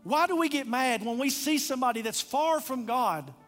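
A man's voice: very high-pitched, lively intonation, moderate pace, fairly bright tone, soft background music. A man preaching a sermon, retelling a parable with passionate storytelling and direct appeals. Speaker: pastor.

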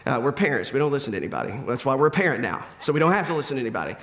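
A man's voice: medium pitch, big pitch swings, racing, fairly bright tone. A middle-aged man preaching a sermon in a conversational, humorous way. He acts out back-and-forth dialogue as he talks. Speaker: pastor.

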